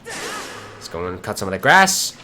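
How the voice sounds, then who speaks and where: A man giving excitable, casual commentary while streaming a game, often swearing and laughing. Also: medium pitch, a little slow, a little hiss or hum.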